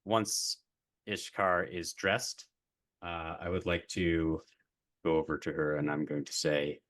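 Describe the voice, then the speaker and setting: Really deep slow guy, plays his character carefully and calm. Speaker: player. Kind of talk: casual tabletop play.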